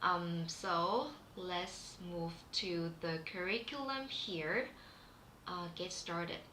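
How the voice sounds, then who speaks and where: Vietnamese-accented woman teaching, bright and slow. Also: fairly low pitch. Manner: chatty, with many fillers and restarts. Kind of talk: live-streamed class. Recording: echoey room with faint background hum.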